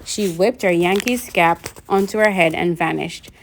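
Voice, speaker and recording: A woman reads a novel aloud in a steady first-person narration. Her voice sits a little low. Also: normal speed, slight background noise. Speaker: reader.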